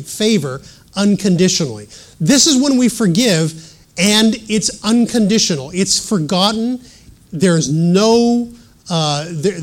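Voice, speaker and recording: Reading scripture aloud in a high-pitched voice, a middle-aged preacher teaches earnestly through his sermon, dropping in self-deprecating asides along the way.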